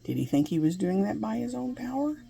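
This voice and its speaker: A woman's voice: mid-range voice, big pitch swings, a little fast, creaky, warm tone, breathy edge. A woman giving an earnest, conversational Bible lesson, asking her listeners questions and laughing between points. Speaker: Bible teacher.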